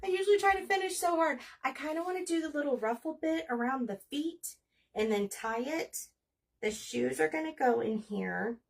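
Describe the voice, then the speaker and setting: A woman's voice: high-pitched, lively intonation, moderate pace, gravelly, distant mic. A woman in her forties chatting casually and rambling as she hosts a crafting livestream. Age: 40s. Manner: chatty, rambling, talks while working.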